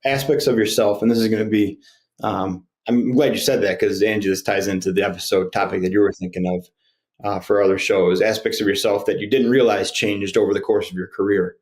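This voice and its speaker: A male host with a fairly low voice who chats casually and tells stories with animation and humor. He jumps in quickly and keeps the talk moving. His tone stays relaxed and conversational. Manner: animated storyteller, jokey. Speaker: podcast host. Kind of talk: casual chat and anecdote.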